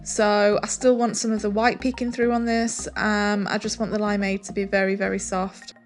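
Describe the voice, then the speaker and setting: A woman narrating a furniture painting tutorial, relaxed and chatty, with soft music behind. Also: medium pitch, normal speed. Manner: relaxed, chatty, says "um" and "really, really" often. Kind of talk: step-by-step painting tutorial voice-over.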